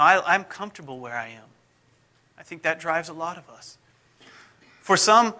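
A middle-aged man, a pastor, preaching in a conversational, self-deprecating way whose phrases often fade off softly. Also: sits high. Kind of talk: sermon.

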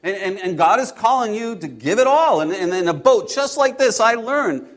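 Peter, played by a man, high-voiced fisherman. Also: expressive. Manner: swings between hushed awe and loud exasperation; halting, many repeated words. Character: Peter, a hot-tempered adult male fisherman. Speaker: actor in a first-person biblical monologue. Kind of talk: dramatic first-person storytelling.

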